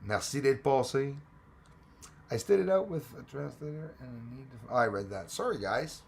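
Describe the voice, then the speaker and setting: The host, a Canadian man, greets viewers by name from the chat and jokes as he rambles on a casual livestream. He speaks at normal speed in an expressive, medium-pitched voice that is creaky with a breathy edge.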